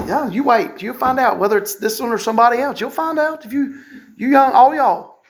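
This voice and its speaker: High-voiced pastor preaching. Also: male voice, fairly quick. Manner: folksy, animated preaching with wry asides. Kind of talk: sermon. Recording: echoey room sound.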